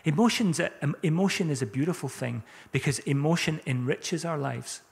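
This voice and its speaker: Male pastor, relaxed chatty sermon, slightly high voice, echoing church hall. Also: brisk, vocal fry. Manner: conversational, chatty preaching with rhetorical questions.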